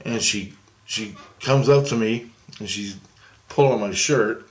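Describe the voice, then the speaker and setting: A man's voice: on the low side, takes it slowly. A man telling a spiritual dream story to his viewers in a loose, rambling way, full of fillers and restarts. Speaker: video blogger.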